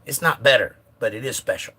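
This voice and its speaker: Bright-voiced man chatting on a phone livestream. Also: medium pitch, expressive, brisk, husky. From United States. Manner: chatty, joking, reads comments aloud. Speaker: livestream host. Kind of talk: casual live chat, reading viewer comments.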